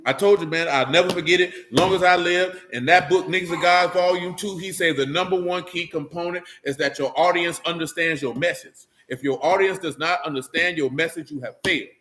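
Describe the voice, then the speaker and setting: A man with an African American Vernacular English accent gives a sermon-style Bible lesson, high and bright in pitch. He talks in street vernacular and keeps firing off rhetorical questions. Faint background noise sits under the voice. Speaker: teacher.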